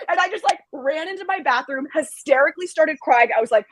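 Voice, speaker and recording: A woman guest on a parenting podcast, telling a story in an animated, self-deprecating way and laughing as she goes. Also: sits high, quick pace, hardly any pauses, a little hiss or hum, rough recording. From Israeli family. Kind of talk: casual storytelling.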